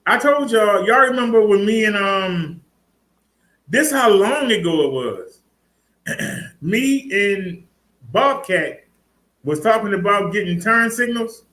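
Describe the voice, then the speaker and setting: Chatty man with a bright voice. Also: high voice, lively intonation, slow pace, pauses often, reverberant, rough recording. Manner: chatty, laughing, talks to viewers and his bike. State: out of breath. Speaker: fitness and e-bike vlogger. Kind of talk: casual vlog demo.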